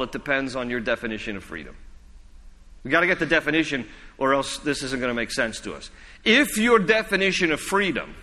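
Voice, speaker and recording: A man's voice: a little high, pushed and bright. A male pastor preaching a sermon in a church, conversational and repetitive, mixing humor and personal stories. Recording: reverberant church hall.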